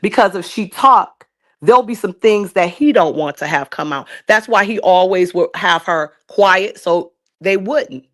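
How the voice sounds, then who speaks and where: A woman giving her opinions on a live stream discussion, making emphatic, repetitive points at a deliberate pace. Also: medium pitch, a bit bright. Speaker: guest commentator.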